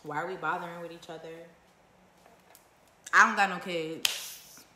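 A woman with a low, forceful voice speaks her mind on a home livestream, blunt and swearing freely. She stacks up rhetorical questions one after another. The room around her adds a roomy echo. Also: fairly even intonation, unhurried, slight background noise. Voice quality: naturally loud voice. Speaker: vlogger going live. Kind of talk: casual live-stream monologue. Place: at home indoors.

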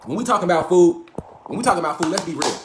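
Brief: fast-talking man, high voice, profane and preachy livestream lecturer, roomy echo. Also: lively intonation, noisy background. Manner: profane, preachy, street slang, repeats himself. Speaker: livestream host.

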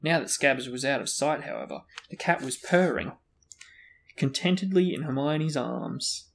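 A man's voice: medium pitch, very animated, normal speed, creaky, slight background noise. A man reading a fantasy novel aloud as host of a book discussion. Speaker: reader and host.

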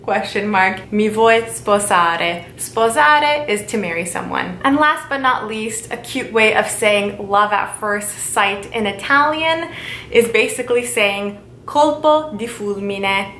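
A woman teaching a casual video lesson, repeating example phrases slowly and carefully. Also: a bit bright. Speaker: language teacher. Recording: echoey room with faint rumble.

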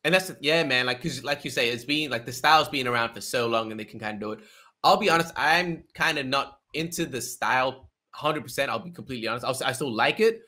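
Bright-voiced man chatting casually. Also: mid-range voice, fast talker. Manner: laughing, loose and joking. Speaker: channel host. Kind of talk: casual video-call chat.

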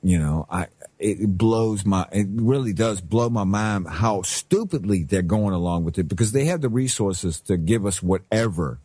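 A middle-aged man hosting a talk radio show, ranting in a slangy, animated way. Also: on the low side, moderate pace, husky, no echo. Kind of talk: heated talk-radio rant.

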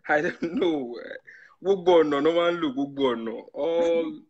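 A man's voice: on the high side, normal speed, lo-fi sound. A man joining a live stream, chatting casually, chuckling and repeating himself. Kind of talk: casual chat.

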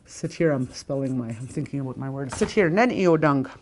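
A woman teaching a language class in a casual, chatty way, repeating words slowly with plenty of fillers. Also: extremely low pitch, a little mellow.

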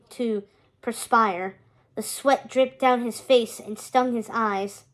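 A woman reading a children's chapter book aloud in a high, light voice. She takes her time with each sentence and keeps a steady storytelling rhythm. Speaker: read-aloud narrator.

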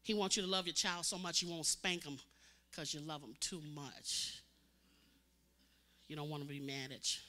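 A woman preacher delivering a sermon as dramatic storytelling, swinging from loud cries to hushed, intense tones. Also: deep voice, steady tone, moderate pace, pauses often.

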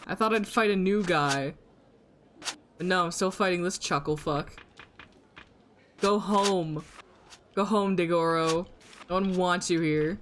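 A woman streamer with a fairly low voice who takes her time, unhurried even mid-rant. She swears freely and vents exasperation at the game while chatting to her viewers, with a faint hiss of noise behind her. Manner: exasperated, profane ranting at the game; talks to her chat audience. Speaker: streamer playing a video game. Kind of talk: casual live-stream commentary.

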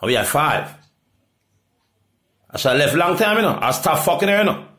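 A middle-aged Jamaican man in a rambling, profane monologue that swings from loud outbursts to low mutters. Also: very animated, moderate pace. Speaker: reggae artist.

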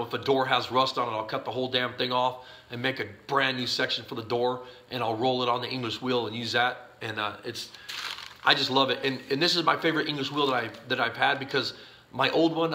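A man chats to camera from his home garage workshop in a loose, folksy ramble full of uhs and restarts. He sounds sleepy, and his voice has a bright, forward edge at a middling pitch. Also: steady tone, a little fast. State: sleepy, yawning. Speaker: YouTube channel host answering viewer questions. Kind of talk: casual chat to camera.

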